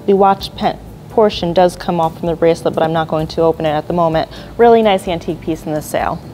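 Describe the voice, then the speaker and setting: Woman walking through jewelry lots, mellow. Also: mid-range voice, low-quality recording. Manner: describes items one by one, admiring, with small apologies and fillers. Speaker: auction house jewelry specialist. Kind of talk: auction preview walkthrough.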